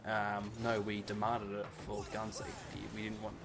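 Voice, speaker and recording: A man's voice: fairly low pitch, completely flat delivery, normal speed, fairly bright tone, a little hiss or hum. A man with an Australian accent hosting a casual podcast chat, rambling and playful and laughing often. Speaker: podcast host.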